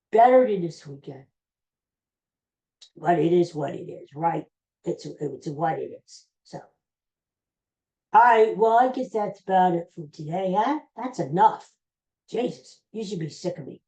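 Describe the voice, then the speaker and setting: Rambling woman podcaster, low-ish mellow voice, chatty and excitable. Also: lo-fi sound. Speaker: podcast host. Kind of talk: casual rambling chat to camera.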